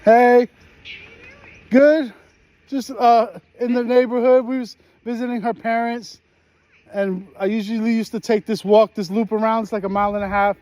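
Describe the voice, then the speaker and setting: A man in his thirties with a New York accent walks a residential street, filming on his phone and rambling in easy slang with plenty of laughter. His voice is very high yet darkish, level in tone and moderately paced, captured in a dry recording of this casual walk-and-talk.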